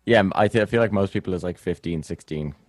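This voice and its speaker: A man's voice: low-pitched, fast talker, dry recording. A young Irish man hosting a podcast in casual chat, easygoing and hesitant, often restarting his sentences. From Ireland. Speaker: podcast host.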